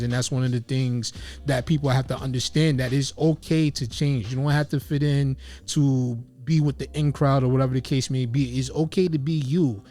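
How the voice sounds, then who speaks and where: An earnest man hosts a relaxed interview and reflects at length. He speaks at a middle pitch and often leans on "you know". Faint music plays quietly behind him. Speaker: host. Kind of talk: casual interview chat.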